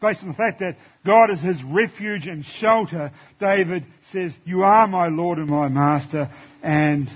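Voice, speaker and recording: A male pastor with a slightly raised, husky voice delivers a sermon in conversational tones, reading verses aloud to his congregation. The church recording sounds dull and lo-fi. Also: high-pitched, unhurried. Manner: conversational preaching, quoting scripture.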